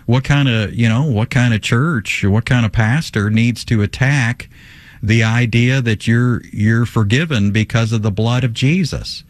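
A man's voice: mid-range voice, measured pace, dry recording. Male radio Bible teacher, mid-range voice, emphatic and conversational, lots of rhetorical questions and fillers, dry close recording.

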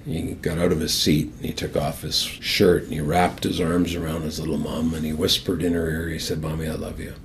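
An older man with a very low, deep voice tells his story as a guest on the program. He speaks earnestly and with lively storytelling energy. A faint low rumble sits under his voice. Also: fairly quick, hardly any pauses. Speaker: guest, former hockey captain. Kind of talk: personal testimony and storytelling.

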